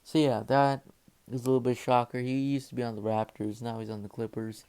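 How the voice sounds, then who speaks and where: A man's voice: mid-range voice, level tone, brisk, dark tone, smooth. A young man casually reading out sports news as host, hesitant with many fillers and self-corrections. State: slightly out of breath. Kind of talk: casual unscripted news rundown.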